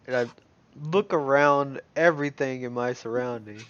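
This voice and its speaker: A man's voice: mid-range voice, moderate pace, a bit bright, clean tone, muffled recording. A man playing a tabletop game, eager, laughing a lot and stammering while he thinks through his moves. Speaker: player. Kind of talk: casual tabletop play.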